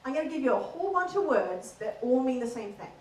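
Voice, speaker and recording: A woman's voice: sits high, sing-song, quick pace, darkish tone, echoey room, distant mic, poor audio. A woman doing a stand-up comedy set in an Australian accent, playful and teasing the audience in a comedy theater.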